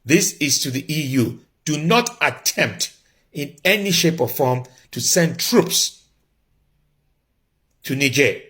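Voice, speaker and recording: An actor playing a pompous, defiant male president who makes a slow, emphatic address full of repeated declarations. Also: a little high, expressive, fairly bright tone. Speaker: comedic character clip.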